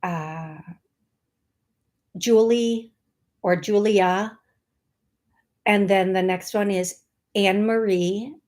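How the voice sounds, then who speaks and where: A woman's voice: medium pitch, steady tone, drawn-out words, pauses often, darkish tone. A woman hosting a live psychic reading, rambling and playful, laughing often and spelling out names as she goes. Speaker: psychic medium host.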